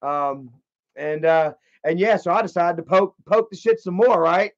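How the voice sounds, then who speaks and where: A man streaming live, telling a story in a casual, rambling way, with lots of profanity and animated energy. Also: a little high, normal speed. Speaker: livestreamer. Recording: slightly dull lo-fi stream audio.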